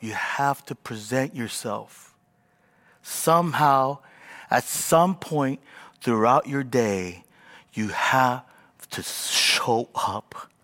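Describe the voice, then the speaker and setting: Man, 40s, pastor, sermon, animated self-mocking storyteller, very expressive pitch, long hall reverb.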